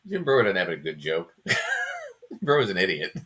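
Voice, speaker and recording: Sarcastic, bright-voiced male host. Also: low-pitched, wildly swooping pitch, moderate pace. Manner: dry, mocking. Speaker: commentary host. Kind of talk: sarcastic reaction commentary.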